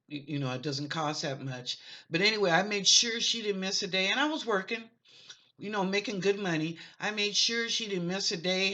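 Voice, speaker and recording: A woman's voice: sits low, bright, forceful tone. A middle-aged woman from the United States hosting her own show, talking straight to viewers in an impassioned, pleading, folksy way. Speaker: online psychic show host. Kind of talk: impassioned monologue to camera.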